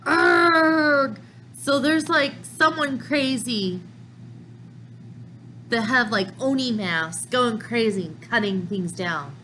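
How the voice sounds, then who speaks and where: Woman, manga reaction host, unhurried, measured, thinking aloud, faint background hiss. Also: on the high side, expressive, sharp tone, low-quality recording. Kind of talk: reading manga aloud with commentary.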